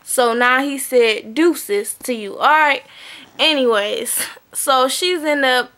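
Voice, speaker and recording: High bright-voiced woman, blunt and chatty. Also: takes it slowly. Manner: blunt, profane, chatty, often asks "okay?". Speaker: vlogger recapping a reality TV episode. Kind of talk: casual recap chat.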